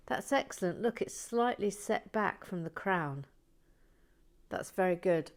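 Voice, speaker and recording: A middle-aged woman hosting a soft-spoken ASMR build video, often slipping into a whisper, chatty and mildly self-deprecating, close to the mic at a tabletop. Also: mid-range voice, animated, a little slow. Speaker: channel host building brick sets.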